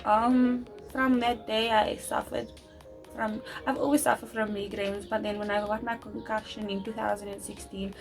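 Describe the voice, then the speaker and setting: Loud fast-talking young woman vlogger. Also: a little high, little pitch movement, creaky, soft background music, low-quality recording. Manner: talks fast and loud, many restarts. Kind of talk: personal storytime vlog.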